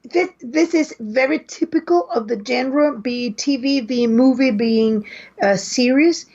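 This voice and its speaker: Woman podcast co-host, high voice, slow, halting delivery, muffled lo-fi sound. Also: darkish tone. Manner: hesitant, restarts often while arguing a point. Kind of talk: casual chat. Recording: dull lo-fi podcast audio.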